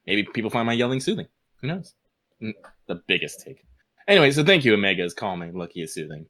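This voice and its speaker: Man, low voice, very lively pitch, podcast co-host, animated and laughing, casual chat. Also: fast talker. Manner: animated, laughs often, exclaims. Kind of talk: casual chat, reading listener mail.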